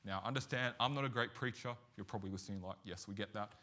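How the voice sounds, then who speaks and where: Animated man preaching. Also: on the low side, fast. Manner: animated, self-mocking storyteller. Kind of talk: sermon with storytelling.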